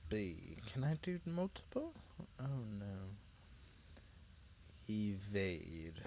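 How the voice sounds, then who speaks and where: A man giving casual let's-play commentary, a little tipsy, rambling and apologetic, with sudden excited outbursts. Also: on the low side, very slow, creaky, a little hiss or hum. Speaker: gamer playing through a video game. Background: game music.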